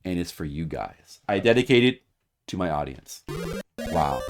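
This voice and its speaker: Theatrical male streamer, low voice. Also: huge pitch swings, fairly quick. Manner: mock-dramatic, swings between loud hype and muttered whispers. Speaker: streamer playing a retro game. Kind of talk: casual gameplay commentary. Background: video game music.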